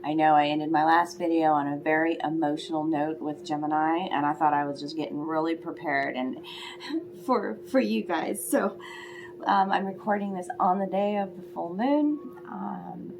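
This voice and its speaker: A woman gives a heartfelt tarot reading, her voice low and gravelly. She drifts in and out of a soft half-whisper. A faint hiss sits under the recording. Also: normal speed. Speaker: tarot reader. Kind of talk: spiritual tarot reading for viewers.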